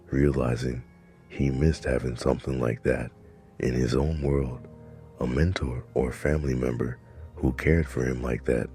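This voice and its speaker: A man giving scripted, measured narration of a dramatic story. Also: extremely low pitch, mellow.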